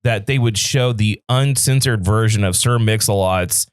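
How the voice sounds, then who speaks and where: A man co-hosting a podcast, telling stories in animated, casual chat. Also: fairly low pitch, moderate pace, clear, resonant tone, no echo, clean studio sound. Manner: animated storytelling. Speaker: podcast co-host.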